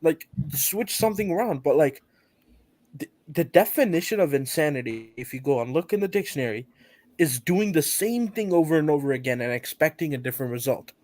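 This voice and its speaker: A man's voice: on the high side, fairly quick. A man in heated casual football chat on a stream, blunt and swearing as he argues his point. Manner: blunt, swearing, animated arguing. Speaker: panelist.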